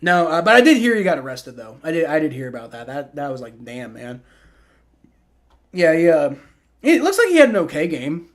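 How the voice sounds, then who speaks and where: His voice runs on the high side with big swings in pitch, delivered at normal speed. A man in his twenties hosting a livestream, he rambles through play-by-play and chat reactions, repeating words and leaning on fillers.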